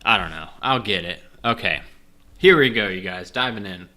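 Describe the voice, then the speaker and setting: Game master, male, low-ish bright voice, casual and rambling, self-deprecating, drinking a bit. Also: expressive, moderate pace. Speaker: game master playing a solo gamebook. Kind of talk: casual chat and reading game narration.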